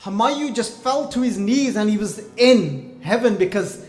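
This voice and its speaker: Man, high-pitched, sermon storytelling, echoey hall, faint music. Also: a little slow. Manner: animated storytelling, acting out quoted lines. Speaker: Gurmat class teacher.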